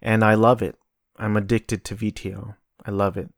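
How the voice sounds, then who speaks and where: A man's voice: lowish voice, flat delivery, normal speed, creaky, no room sound, clean studio sound. A man hosting his own podcast, talking alone in a casual, rambling way, profane and sardonic. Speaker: podcast host. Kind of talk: casual solo monologue.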